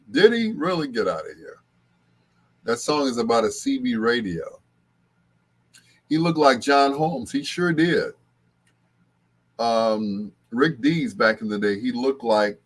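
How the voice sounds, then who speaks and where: An older man hosting a late-night show, chatting casually and rambling with frequent chuckles. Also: lowish voice. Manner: chuckling, rambling, bursts into sung snippets. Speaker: host.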